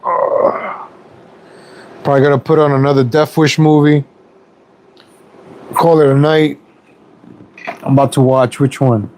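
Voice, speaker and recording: A man's voice: on the high side, flat delivery, measured pace, pauses often, darkish tone, a little hiss or hum, poor audio. A middle-aged man ranting on a casual home stream, rambling and repeating himself, angry at everything. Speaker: YouTube streamer. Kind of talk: casual political rant stream.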